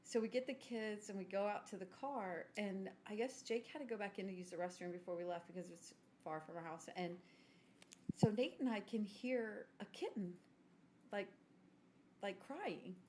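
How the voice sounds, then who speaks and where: A woman, telling a story in casual podcast chat, self-mocking and clearing her throat now and then. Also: mid-range voice, moderate pace, a little mellow, a little hiss or hum. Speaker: podcast co-host.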